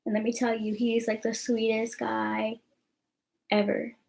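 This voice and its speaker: A woman's voice: fairly high pitch, monotone, a little slow, vocal fry, darkish tone, rough recording. A young woman, rambling casually to camera in a chatty vlog with lots of fillers. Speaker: vlogger.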